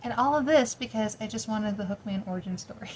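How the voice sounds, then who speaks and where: Brief: drowsy woman vlogger thinking out loud, mid-pitch, faint hiss behind. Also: fairly quick, rough recording. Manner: rambling, thinking aloud, often trailing off; snacking while talking. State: sleepy, yawning. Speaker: paranormal lore vlogger. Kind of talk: casual research vlog.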